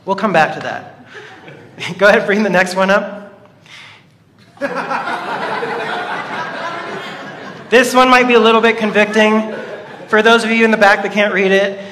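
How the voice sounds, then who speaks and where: A man's voice: sits high, a little fast, bright, forceful tone. A man preaching a sermon to a congregation in a playful, joking manner. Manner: playful, jokey, talks to the congregation. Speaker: pastor. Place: church hall. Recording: reverberant hall.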